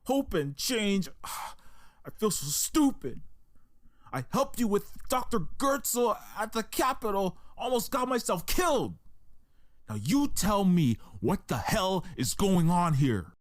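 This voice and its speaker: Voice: medium pitch, big pitch swings, slow pace, dry recording, studio quality. A player voicing a betrayed male detective who accuses and confronts the person who deceived him. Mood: angry. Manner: accusing, indignant.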